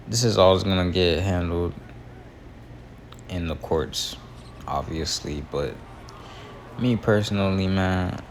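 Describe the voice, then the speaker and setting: A man's voice: low voice, a little hiss or hum. A young man rambling and joking in casual slang as he hosts gameplay commentary. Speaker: gaming channel host.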